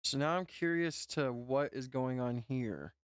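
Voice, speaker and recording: A man's voice: medium pitch, measured pace, clear, resonant tone, dry recording. A man with a North Dakota accent, a streamer giving loose, profane reaction commentary full of "bro" and "man".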